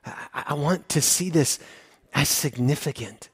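A high-voiced man preaching as pastor, earnest and openly emotional. He drops to a hushed tone, then rises to excited exclaiming, and repeats words when he is moved. His voice is close and dry, with no room sound. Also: a little slow, slightly rough, no room sound. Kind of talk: sermon.

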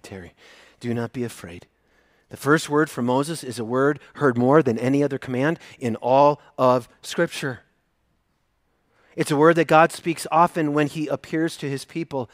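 A male pastor preaching a sermon, earnest, swinging from emphatic to hushed and intimate. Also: on the high side, no room sound, studio quality.

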